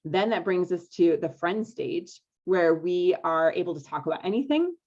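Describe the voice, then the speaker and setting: Upbeat woman coach, low voice, lo-fi. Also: expressive, moderate pace, darkish tone. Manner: upbeat, coaxing, checks in with listeners often. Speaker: marriage coach hosting a live webinar. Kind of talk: live online masterclass talk. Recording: dull lo-fi webinar audio.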